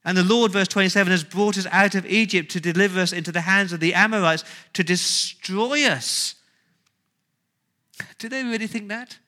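A man preaching with a bright, forceful voice pitched a little high. He drives his points home with rhetorical questions and repetition, rising and falling between loud urgency and hushed weight. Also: normal speed. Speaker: pastor. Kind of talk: sermon.

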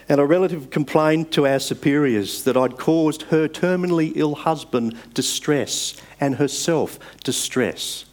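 A man delivers a sermon in a somewhat higher voice, earnest and measured. He pushes up hard on key phrases and then sinks back down to a soft, slow close. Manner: earnest, measured, with emphatic rises and soft drops. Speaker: preacher.

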